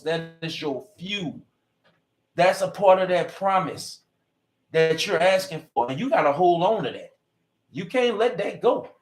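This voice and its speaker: A man's voice: sits high, echoey room. A man hosting a radio comedy show, talking in a motivational, preachy and playful way. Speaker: radio host.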